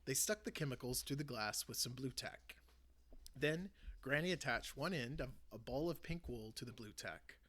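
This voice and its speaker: A man hosting his channel, reading a children's book aloud with an expressive delivery. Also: mid-range voice, moderate pace. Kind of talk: storybook read-aloud.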